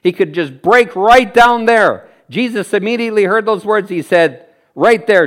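A man from Canada preaching a sermon in an animated way, laughing and acting out the people he quotes. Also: high-pitched, moderate pace. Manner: animated, laughs often, acts out quoted voices.

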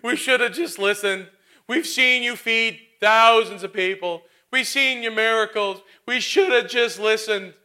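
Sheepish, groveling disciples, as a preacher puts them on, loud and whiny as they pile on the apologies. The voice sits high and sounds a bit distant from the mic. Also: male voice, a little slow, heavily acted.

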